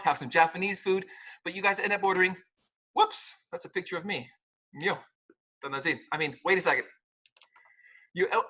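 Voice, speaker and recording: A man teaching English pronunciation to a class in a playful, animated way. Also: high voice. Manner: lively, playful, mimics mistakes and laughs often.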